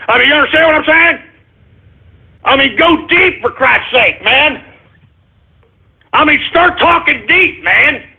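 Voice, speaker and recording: High-voiced ranting radio host. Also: male voice, animated, unhurried, gravelly, long pauses. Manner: ranting, rambling, repeats "all right?". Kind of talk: talk radio rant. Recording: tinny phone-line sound.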